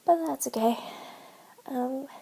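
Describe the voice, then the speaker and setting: A woman in her twenties vlogging to camera in an earnest, emotional way, speaking haltingly and often dropping to a whisper. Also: sits high, vocal fry, warm tone, slight background noise, poor audio. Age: 20s. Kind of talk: personal vlog, talking to camera.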